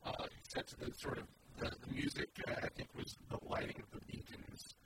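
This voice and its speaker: A man co-hosting a casual podcast chat, talking eagerly and getting excited. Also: brisk. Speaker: podcast co-host. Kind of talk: casual chat about movie trailers. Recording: loud background noise.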